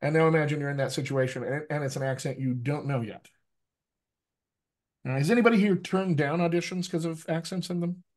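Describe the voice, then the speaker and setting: A middle-aged man leads an accent workshop for actors, his voice sitting a little high for a man. He talks to the group directly and lively, tagging his points with quick questions. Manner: lively, addresses the group directly, frequent "right?" tags. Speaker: dialect coach. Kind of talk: energetic workshop talk.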